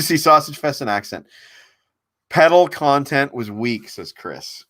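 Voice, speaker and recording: A man hosting a casual livestream, rambling with halting restarts and reading viewer comments aloud. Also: mid-range voice, animated, a bit bright, no echo. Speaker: livestream host. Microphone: desk mic on a laptop stream.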